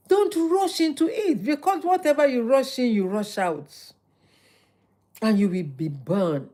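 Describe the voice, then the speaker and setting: A middle-aged woman, hosting a motivational livestream, talking in a lively, preachy way and repeating phrases for emphasis. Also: on the high side, unhurried. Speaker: livestream host.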